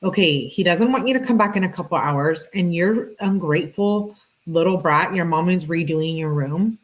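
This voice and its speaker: A true crime commentator with a lowish voice reads text messages aloud at a moderate pace, tossing in casual, exasperated asides between them as she answers chat questions. The recording quality is low.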